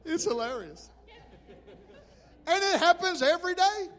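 Pastor guy, really high voice, preaching in a big echoey church, animated. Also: a little slow, some chatter behind. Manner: animated storytelling with shouted impressions. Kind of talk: sermon. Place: church hall. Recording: hall reverb.

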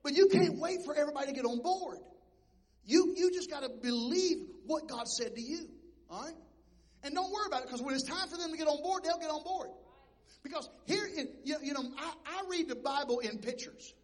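Man, pastor, very high voice, lively sermon, shouts his points, long hall reverb. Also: fairly quick. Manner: animated storytelling preacher who swings between soft asides and shouting.

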